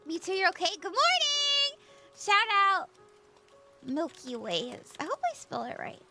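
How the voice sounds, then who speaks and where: A woman's voice: very high-pitched, huge pitch swings, a little slow, loud music behind the voice. A bubbly, giggly woman chatting casually with her livestream audience as a tarot reader, just woken up. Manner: bubbly, giggly, greets chat by name. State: just woke up.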